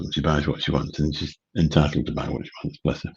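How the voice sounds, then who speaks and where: A man's voice: a bass voice, steady tone, very fast, vocal fry, hardly any pauses, darkish tone, breathy edge, lo-fi sound. A man, rambling casually as host of a late-night livestream chat. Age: 50s. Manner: rambling, chatty, swears casually. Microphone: studio mic through a mixer.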